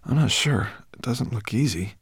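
A man's voice: medium pitch, expressive, moderate pace, slightly rough, dry recording, clean studio sound, pitched above the performer's own voice. A man reading an earnest, practical young boy. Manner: hushed, practical, a little anxious.

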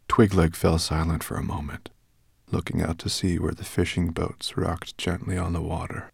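Gravelly, expressive audiobook narrator man. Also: deep voice, normal speed, no room sound, clean studio sound. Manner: expressive storytelling. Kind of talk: scripted narration.

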